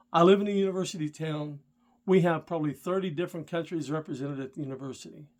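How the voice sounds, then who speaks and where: A man's voice: on the high side, a little mellow. A middle-aged man, a rideshare driver and channel host, telling a story straight to the viewer and getting worked up and indignant. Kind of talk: casual storytelling vlog.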